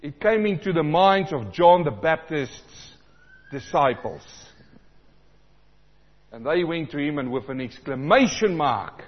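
A man from South Africa preaching a sermon, animated, repeating lines for emphasis and acting out the voices he quotes. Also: fairly high pitch. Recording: dull sound in a large reverberant hall.

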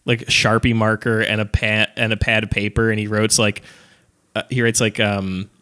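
A man's voice: lowish voice, little pitch movement, moderate pace, pushed and bright. A man on a podcast casually recapping a movie plot, rambling with lots of fillers and laughing as he retells scenes. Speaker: podcast co-host.

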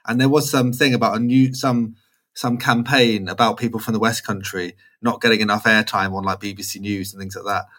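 A man co-hosting a podcast in casual chat, talking in an animated way with lots of "like"s. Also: lowish voice, brisk. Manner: animated, chatty, many "like"s, laughs easily. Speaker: podcast co-host.

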